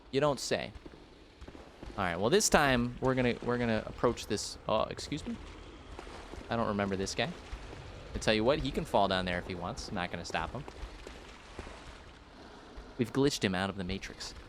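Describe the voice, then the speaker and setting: A man's voice: lowish voice, normal speed, long pauses, a bit bright, a little hiss or hum. A young man from the United States giving rambling, jokey live-stream commentary, full of fillers, as he plays a game.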